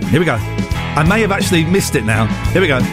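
A man's voice: a little high, sing-song, quick pace, loud music behind the voice. A man hosting a radio show, giggly and rambling in playful studio banter.

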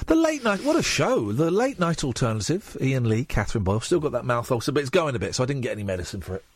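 A man's voice: medium pitch, animated, very fast. A man hosting a late-night radio phone-in, teasing and mock-indignant with a caller. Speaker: radio host. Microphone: studio microphone.

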